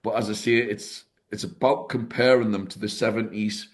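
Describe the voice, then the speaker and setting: A man co-hosting a casual music podcast, in a voice pitched a little low. He speaks in a halting way, stopping and restarting with plenty of ums and you-knows as he gives his views. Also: fairly even intonation. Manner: hesitant, halting with many fillers. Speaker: podcast co-host. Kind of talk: casual music review chat.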